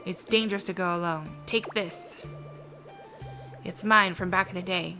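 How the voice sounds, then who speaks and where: A woman voicing a stern old male shopkeeper mentor with a gruff, scolding manner, game music behind. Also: on the low side, fairly even intonation, moderate pace, pushed and bright.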